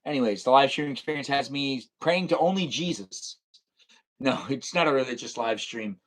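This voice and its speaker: A man chatting casually on a livestream, reading the chat aloud and teasing his viewers playfully. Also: mid-range voice.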